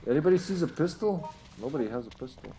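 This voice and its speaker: A man streaming an online game with friends, joking loudly, swearing and cheering at the action. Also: fairly high pitch, fast, music in the background. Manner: excitable, swears and jokes loudly. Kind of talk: casual gaming chat.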